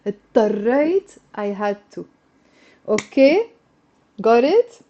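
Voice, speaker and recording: Woman teaching a live class online, mellow kinda high voice, slightly dull stream audio, keeps asking did you get it. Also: sing-song, a little hiss or hum. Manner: patient, coaxing, repeats words slowly for students. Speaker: Arabic teacher. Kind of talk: live online language lesson.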